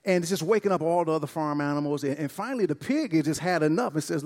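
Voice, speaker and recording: A man's voice: on the high side, expressive, quick pace, hardly any pauses, a little mellow, big-room sound. A man preaching a sermon to a church congregation, exuberant and calling out to them. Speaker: pastor. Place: church service.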